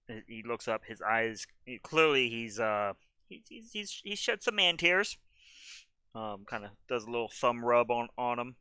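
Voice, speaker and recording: Game master, male, bright and crisp, loose, rambling scene narration. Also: mid-range voice, sing-song, unhurried, dry recording. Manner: loose narration full of ums and restarts.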